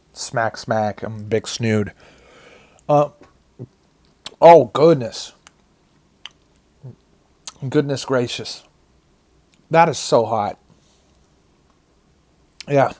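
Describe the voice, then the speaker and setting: Narrating a commentary track over his own video, a man talks casually and swears often, groaning, humming, and sighing as chili pepper heat hurts him. His voice is mid-range with a darkish tone.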